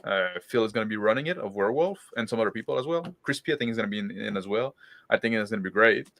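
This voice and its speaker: A man's voice: fairly low pitch, rapid-fire, gravelly, a bit bright, a little hiss or hum. A man who runs tabletop games, chatting casually on a stream, rambling with fillers. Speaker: game master. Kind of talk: casual group chat on a stream.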